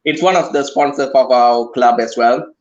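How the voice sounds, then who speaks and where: A man's voice: mid-range voice, fairly even intonation, moderate pace, highs cut off. Earnest man chatting football. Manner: earnest, checks in with "you know" and "right". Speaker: guest on a watch-along. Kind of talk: casual football chat.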